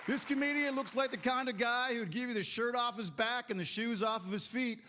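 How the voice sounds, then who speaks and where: A man's voice: very high voice, brisk, sharp tone, a faint crowd, a little hiss or hum. A man emceeing a stand-up show, introducing the next comic with a punchy joke. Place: comedy festival stage before a live audience.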